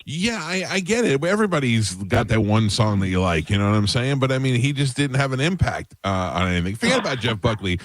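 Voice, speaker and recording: A man's voice: mid-range voice, sing-song, brisk, hardly any pauses, no room sound. A man hosting a radio talk show in the studio, blunt and joking as he cuts in on his co-hosts.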